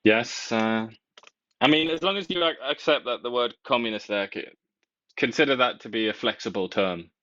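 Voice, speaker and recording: A man's voice: mid-range voice, moderate pace, pushed and bright, no room sound, muffled recording. A man co-hosting a talk show, giving wry, sardonic commentary in casual chat. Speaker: co-host.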